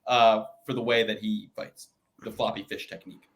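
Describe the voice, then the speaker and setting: A young man co-hosting a podcast, animated and joking, swearing freely while making fight picks. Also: fairly low pitch, moderate pace. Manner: animated, joking, swears, does mock voices. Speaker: podcast co-host. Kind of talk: casual chat, fight picks.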